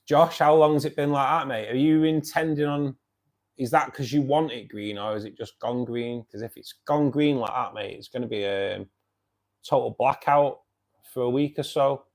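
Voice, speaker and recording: A man's voice: medium pitch, moderate pace. Chatty Mancunian man hosting a stream. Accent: Mancunian English. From Manchester area, England. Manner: chatty, friendly, reads out viewer comments and greets them by name. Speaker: live stream host of a fish club. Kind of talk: casual live stream chat. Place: home by his fish tank.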